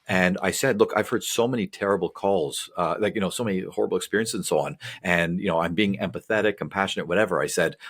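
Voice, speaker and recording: A man with a deep voice and a husky edge talks through ideas quickly on a podcast. He rambles, piles up fillers and wanders into tangents as he explains like a psychologist would. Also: a bit bright. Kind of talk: casual podcast chat.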